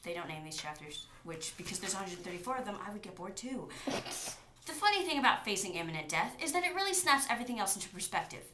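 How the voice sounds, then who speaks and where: A woman's voice: mid-range voice, big pitch swings, quick pace. A woman reading a novel aloud and breaking off with sarcastic, exasperated comments as a book reviewer. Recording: echoey room, faint background noise.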